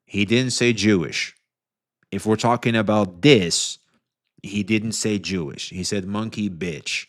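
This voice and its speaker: A man streaming casual commentary on online drama, rambling and swearing with many fillers, his voice often trailing off quieter. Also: lowish voice, unhurried.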